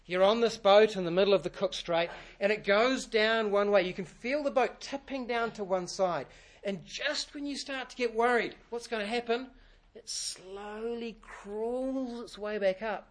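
A man's voice: high-pitched, moderate pace. A man preaching a sermon in a church, earnest and repeating key phrases for emphasis. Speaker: pastor.

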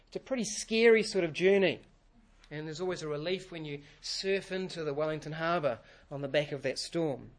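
A man's voice: fairly high pitch, a little fast. A man preaching a sermon in a church, earnest and repeating key phrases for emphasis. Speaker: pastor.

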